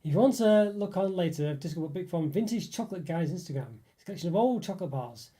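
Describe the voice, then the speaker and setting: A man's voice: high-pitched, lively intonation, fast talker, warm tone. A young man hosting a casual live stream, rambling and chatting with viewers, with lots of fillers and restarts. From northeast England. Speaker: livestream host reading chat.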